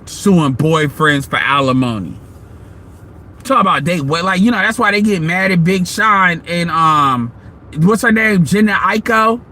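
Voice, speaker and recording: A man's voice: sits high, measured pace, sharp tone. A man hosting an online audio room, ranting bluntly and profanely in casual commentary.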